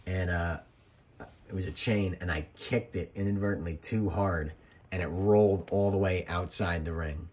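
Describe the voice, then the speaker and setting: A man's voice: sits low, steady tone, moderate pace, darkish tone, slightly rough. A man, a former wrestling referee, giving casual, rambling commentary over old match footage and drifting into jokey side stories.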